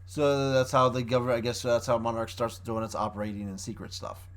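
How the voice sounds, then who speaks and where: A man's voice: medium pitch, flat delivery, fairly quick. A man reviewing a show in a casual, rambling way, often restarting his sentences as he recaps the plot.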